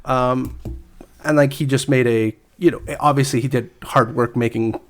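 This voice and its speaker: Male co-host, mid-pitched, halting delivery full of fillers, chuckles a lot. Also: steady tone. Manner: hesitant, many fillers, chuckling. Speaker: podcast co-host. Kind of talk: casual podcast chat, reading news.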